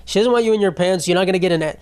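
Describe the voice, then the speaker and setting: A young man talks on his own podcast in a loose, wandering way, swearing freely and poking fun at himself. His voice sits a little higher than most men's. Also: very fast, a little mellow. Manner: rambling, profane, self-mocking. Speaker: podcast host. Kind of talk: casual solo podcast chat.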